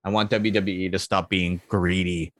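A man co-hosting a casual podcast, animated and jokey, with frequent fillers. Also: sits low, moderate pace, dry recording, studio quality. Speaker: podcast co-host. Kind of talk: casual chat.

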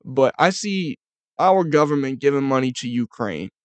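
Twenties male podcast host, ranting monologue, heavy swearing, mid pitch, dead-dry sound. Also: lively intonation, normal speed, dry recording. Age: 20s. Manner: profane, ranting, rambling. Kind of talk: casual monologue.

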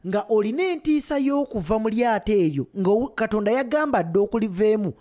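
A man interprets a sermon at a fast clip. His pitch swings widely, and his voice has a dark, mellow tone. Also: animated.

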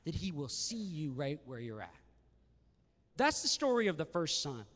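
A man's voice: on the high side, normal speed. A man preaching a sermon, asking the room questions and acting out the lines of the people in the story. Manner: animated, rhetorical questions, acts out the brothers' lines. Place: church sanctuary. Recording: reverberant church hall.

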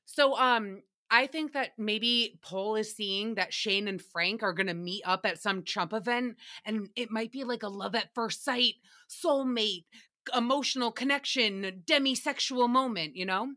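A young woman with a bright, forceful voice sits high in her register as she hosts a casual recap show. She talks in an animated, playful way and drops into silly voices for quotes. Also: a little slow. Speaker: podcast host.

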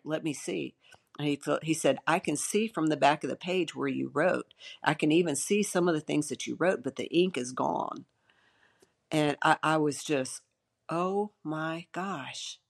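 A woman pastor, older, sharing a personal testimony in an earnest, emotional way with many restarts. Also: low-pitched.

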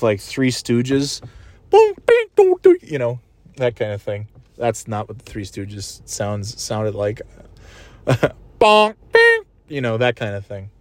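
A man's voice: mid-range voice, darkish tone, no room sound. Profane rambling man, dry close sound. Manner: profane, rambling, laughs often; does goofy sound effects and voices. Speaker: vlogger. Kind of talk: casual rambling chat. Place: just left a wrestling event in a city.

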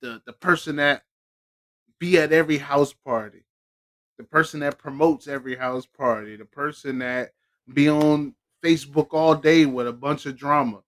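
A man's voice: on the high side, moderate pace. A man hosting a podcast, chatting casually, joking and laughing often; English is not his first language. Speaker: podcast host. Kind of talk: casual interview chat.

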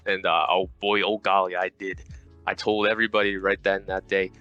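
A man's voice: lowish voice, fairly even intonation, brisk, sharp tone, soft background music. A young man, a podcast guest, telling a rambling, self-mocking story in casual chat over a voice call, swearing often.

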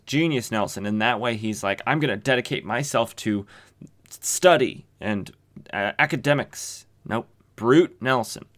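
A man's voice: on the low side, bright, forceful tone. A man hosting a comic book podcast, recapping an old comic in a joking, sarcastic tone with lots of fillers.

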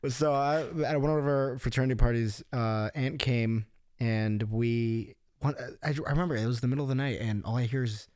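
Young guy, casual podcast talk, animated storyteller, dry close sound, swears a lot. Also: mid-range voice, normal speed, clean tone, no echo. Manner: animated storyteller, swears freely, acts out quotes. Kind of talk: casual chat.

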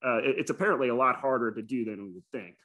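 A man's voice: mid-range voice, quick pace, a bit bright. A man co-hosting a podcast, telling stories in a rambling, casual way full of fillers. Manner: rambling, filler-heavy storytelling. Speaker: podcast co-host. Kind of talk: casual chat.

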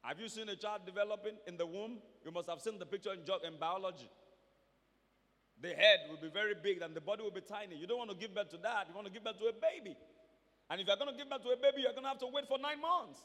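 A man preaching a sermon to a church, moving between quiet asides and emphatic, shouted lines. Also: high voice, quick pace, long reverb tail.

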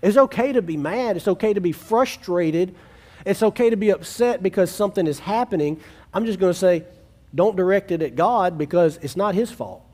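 Male pastor, slightly raised pitch, conversational sermon delivery, restarts, plays out little quoted dialogues. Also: normal speed, darkish tone. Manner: earnest, conversational preaching with frequent restarts; acts out quoted family dialogue.

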